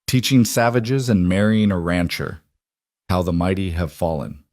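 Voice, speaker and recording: A man voicing a haughty, cruel young woman from a wealthy family, speaking with a sharp Boston accent. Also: low voice, normal speed, no echo, clean studio sound, lightly acted. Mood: scornful. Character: cold mocking rich young woman cousin.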